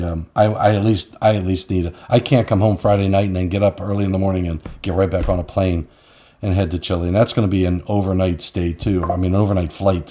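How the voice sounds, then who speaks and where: A man's voice: sits low, warm tone. A man hosting a live online show, chatting casually and rambling through stories with frequent laughs. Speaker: host. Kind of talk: casual live-stream chat.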